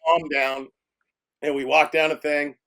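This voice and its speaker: An older man tells stories from his directing days in a loose, rambling way. He stops and restarts often and fills gaps with um and you know. His voice grows animated when the story turns funny. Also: a little high, unhurried, vocal fry. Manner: rambling, many fillers and restarts. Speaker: film director guest. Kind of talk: casual storytelling interview.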